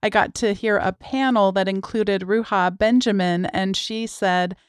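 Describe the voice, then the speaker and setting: Smooth-voiced woman podcast host. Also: mid-range voice, steady tone, no room sound, clean studio sound. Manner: reads quotes aloud slowly, laughs easily. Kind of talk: conversational interview.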